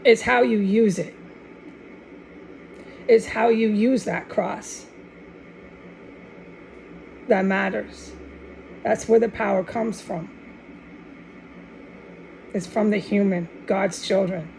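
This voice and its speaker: A woman with a gravelly, creaky edge rambles through a fervent religious monologue at middling pitch. She restarts her sentences often and scatters Spanish words through her talk. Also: steady tone, takes it slowly, pauses often, a little mellow, poor audio. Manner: fervent and insistent. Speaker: online video maker.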